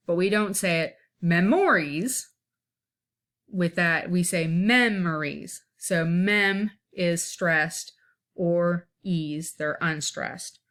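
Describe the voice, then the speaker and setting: A woman's voice: fairly low pitch, a bit bright. A woman teaching an informal one-take lesson, explaining step by step and checking in often to see that her listeners follow.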